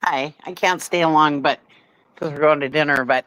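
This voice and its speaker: A woman talking as a guest on a livestream panel, chatty and quick to giggle. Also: low-pitched, steady tone, fairly bright tone, low-quality recording. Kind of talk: casual livestream chat.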